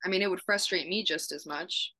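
A woman's voice: fairly low pitch, a little fast, bright, forceful tone, dry recording. A woman co-hosting a podcast, chatting casually about a TV episode with lots of "like" fillers. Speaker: podcast co-host. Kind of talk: casual TV episode recap chat.

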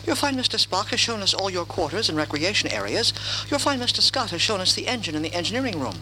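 Small alien ambassador, fussy and formal, bright sharp tone, quick delivery, story record. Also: male voice, sits high, big pitch swings, slight background noise, exaggerated voice, low-quality recording. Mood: fussy polite. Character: overly polite small male alien ambassador.

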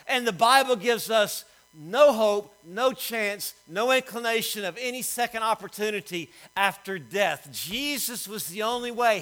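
A middle-aged man preaching a sermon, swinging between loud emphatic lines and quiet storytelling. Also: very high voice, low-quality recording. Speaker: pastor.

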